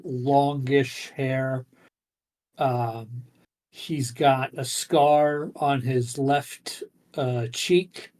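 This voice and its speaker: A game master narrating a tabletop game, describing scenes haltingly with many pauses and fillers. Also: medium pitch, rough recording.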